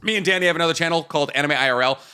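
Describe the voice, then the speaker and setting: A man's voice: fairly high pitch, very fast, bright, forceful tone, clean tone. A man co-hosting a podcast, trading profane jokes in rambling, casual banter. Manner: joking, profane, rambling riffs. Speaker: podcast co-host.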